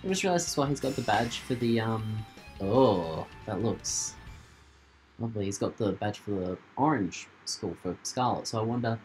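A man's voice: on the low side, expressive, normal speed, darkish tone, faint music behind. A man giving playful, joking commentary while he plays a video game for his channel. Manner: playful, laughs and jokes while playing. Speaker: gaming channel host. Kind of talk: casual let's-play commentary.

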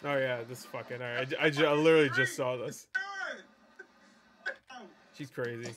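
A man's voice: mid-range voice, steady tone, normal speed, noisy background. A man hosting a meme reaction video, laughing often, swearing freely and talking back at the clips. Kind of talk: casual reaction commentary.

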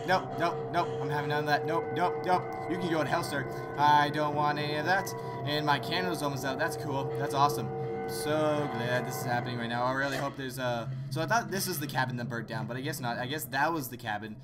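A man hosting horror let's-play commentary, joking sarcastically and yelling in fright. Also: on the high side, brisk, over music. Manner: excitable, jokey, sarcastic, screams in fright. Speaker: gaming channel host.

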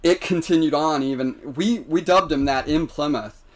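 An American man telling stories on a podcast, animated and laughing, with many restarts. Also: fairly high pitch, moderate pace. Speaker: podcast guest. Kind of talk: casual storytelling.

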